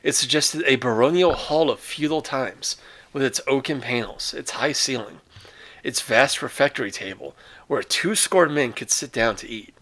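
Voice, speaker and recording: A man's voice: mid-range voice, moderate pace, a bit bright. A man reading a short story aloud with dramatic phrasing and casual, offhand asides. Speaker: reader.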